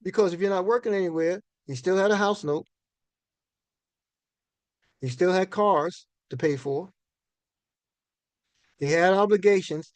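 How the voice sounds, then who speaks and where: A man's voice: high voice, unhurried, pauses often, no room sound. A man in his sixties giving a finance talk to an audience as a folksy, conversational storyteller who often repeats and restarts his words. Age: 60s.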